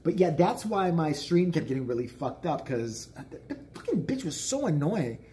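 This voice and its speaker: Profane, animated man ranting in his 40s. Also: on the high side, normal speed, a little hiss or hum. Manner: profane, exasperated, animated storyteller. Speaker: vlogger. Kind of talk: casual ranting storytelling.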